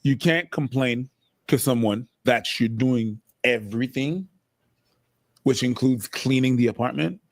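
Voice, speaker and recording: A man's voice: medium pitch, measured pace, vocal fry. A man joining a live stream as a guest, ranting and laughing at a clip. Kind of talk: joking live stream banter.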